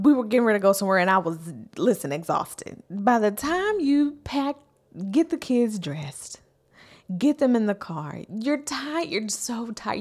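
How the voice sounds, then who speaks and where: A woman in her thirties giving an earnest, encouraging faith-based parenting talk as a coach, repeating key lines for emphasis. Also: on the high side.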